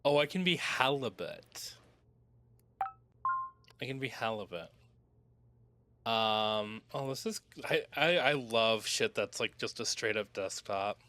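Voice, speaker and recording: A man's voice: mid-range voice, sharp tone, no room sound. Rambling, swearing young gamer guy. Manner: rambling, swears often, mutters to himself. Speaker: streamer playing a video game. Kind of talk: casual let's-play commentary. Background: game music.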